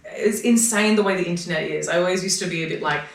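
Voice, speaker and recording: A woman's voice: fairly low pitch, fast, gravelly, far from the mic. An Australian woman chats casually and animatedly, jumping into little acted-out quotes as she tells her stories. She sits well back from the mic in an echoey room. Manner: animated storyteller who acts out her own quoted lines. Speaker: comedian guest. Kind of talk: casual podcast chat.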